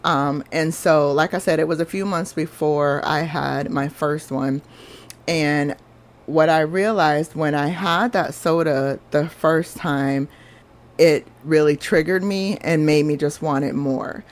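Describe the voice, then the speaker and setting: A podcast host with a deep voice tells a personal story slowly and in a steady tone. She's earnest, confessional and chatty.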